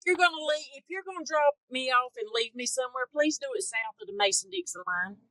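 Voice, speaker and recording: A woman's voice: high-pitched, quick pace, a bit bright, no echo, poor audio. Woman co-host, dry-humored quips, dead-dry mic. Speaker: podcast co-host. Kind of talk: casual podcast chat.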